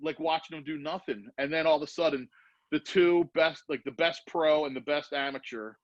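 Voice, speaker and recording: Male podcast guest, lively storyteller, slightly high voice, dry lo-fi recording. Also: moderate pace, no echo. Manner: animated storyteller acting out quoted voices. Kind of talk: casual storytelling.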